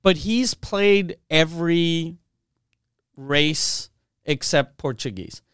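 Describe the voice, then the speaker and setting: Chatty, smooth-voiced podcast co-host man. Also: on the high side, takes it slowly, fairly bright tone, no room sound, studio quality. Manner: chatty, mimics voices in stories. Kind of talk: casual podcast chat.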